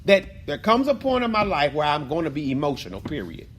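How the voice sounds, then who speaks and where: Animated man leading Bible study. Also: a little high, fairly quick. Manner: animated, repeats phrases, calls on students. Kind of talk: interactive group teaching.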